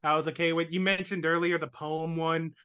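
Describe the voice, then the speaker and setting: A man's voice: a little high, level tone, brisk, bright, forceful tone, smooth. A man hosting a podcast, chatting casually about episodes with many ums and casual swearing. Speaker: podcast host. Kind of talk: casual chat.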